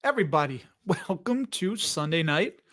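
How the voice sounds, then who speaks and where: A man in his forties hosts a relaxed live stream with a high voice. He talks in a loose, rambling way, greets viewers by name and laughs often between lines. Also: normal speed. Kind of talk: casual live stream chat.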